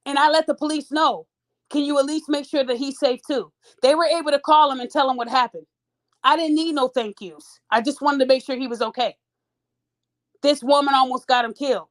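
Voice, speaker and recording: A woman with a high, bright-pitched voice tells a story to her podcast listeners. Her delivery is casual and animated, and she keeps turning to them with "y'all" as she goes. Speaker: podcast host.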